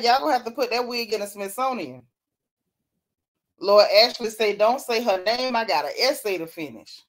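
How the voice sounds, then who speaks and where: A woman hosting a casual chat, reading out comments from viewers and laughing often. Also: on the high side. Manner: animated, laughing, Southern-style slang. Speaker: host.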